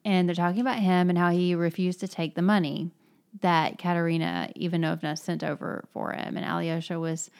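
A woman in a casual book discussion, retelling scenes in a lively, chatty way. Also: on the low side, brisk.

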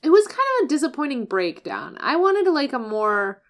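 Chatty woman with a slightly high voice. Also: sing-song, normal speed. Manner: conversational, analytical, laughs often. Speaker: podcast co-host. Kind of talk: casual chat.

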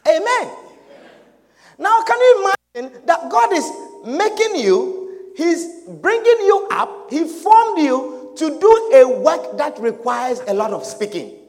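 A man preaching a sermon with slow, emphatic delivery, shouting his key points and drawing amens from the congregation. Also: extremely high pitch, very animated, some chatter behind. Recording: long reverb of a large hall.

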